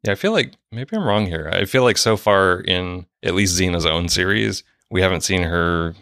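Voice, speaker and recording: Man co-hosting a podcast, laid-back, lively pitch, gravelly, dry close sound. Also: normal speed, hardly any pauses, no echo. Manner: laid-back, laughs easily. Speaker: podcast co-host. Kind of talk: casual chat and podcast outro.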